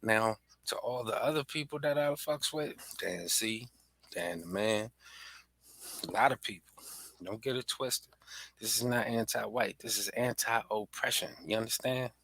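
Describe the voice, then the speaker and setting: A man's voice: medium pitch, a little slow, gravelly, a bit bright, dry recording. A man hosting a podcast, delivering a heated, profane, fired-up rant aimed straight at his listeners. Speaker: podcast host. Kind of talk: heated ranting monologue.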